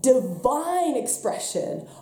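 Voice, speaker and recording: A woman leading a spiritual workshop talk on a live stream, emphatic, swinging between hushed and loud passages. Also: sits high, sing-song, takes it slowly, echoey room. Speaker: workshop leader.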